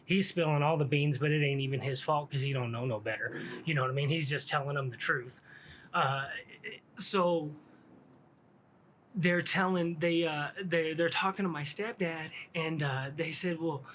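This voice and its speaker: A man's voice: fairly high pitch, moderate pace, a bit bright. A middle-aged man telling a rambling story about his past, full of street slang and restarts. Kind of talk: casual storytelling.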